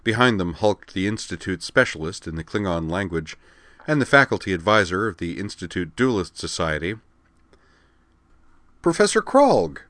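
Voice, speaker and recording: A man reading scripted narration of a science fiction story in a steady, even way. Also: low voice, fairly quick, dry recording.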